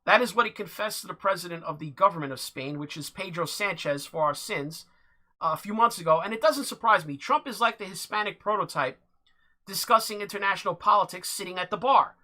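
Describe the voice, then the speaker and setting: A host delivers political commentary on a livestream, working through a written piece at a steady, measured pace. The voice has a bright, forward timbre that sits at a middle pitch. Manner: halting, with many fillers and restarts. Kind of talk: livestream political commentary, reading an article aloud.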